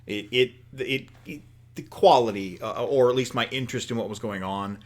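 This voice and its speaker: A man's voice: mid-range voice, normal speed. A man co-hosting a podcast in casual chat, hesitant with ums and restarts and a dry sense of humor. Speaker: podcast co-host.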